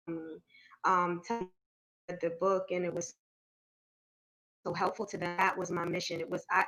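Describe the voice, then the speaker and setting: A woman's voice: lowish voice, lo-fi sound. A woman author on a panel, telling her story in a heartfelt way with lots of fillers and repeats. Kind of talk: testimonial sharing, casual. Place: video call.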